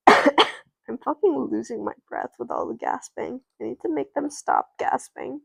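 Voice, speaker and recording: A woman's voice: a little high, wildly swooping pitch, normal speed, vocal fry, slightly rough, dry recording. A woman casually narrating her doll play, rambling and often stopping herself mid-sentence. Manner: rambling, self-interrupting.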